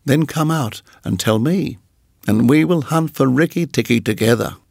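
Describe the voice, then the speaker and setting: Man voicing a scheming female cobra, commanding, gravelly, dry sound, storybook. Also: mid-range voice, moderate pace, a little mellow, no room sound.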